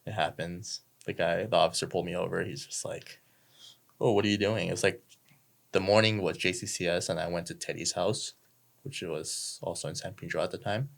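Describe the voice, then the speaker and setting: A man's voice: low-pitched, steady tone, fairly quick, creaky, a bit bright. A young man, a podcast guest telling a story casually, laid-back and swearing freely. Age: young adult.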